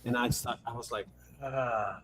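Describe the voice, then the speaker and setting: A man's voice: mid-range voice, steady tone, unhurried, a bit bright, slight background noise. A man hosting a casual chat, joking and telling a story with animation. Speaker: host. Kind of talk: casual video call chat.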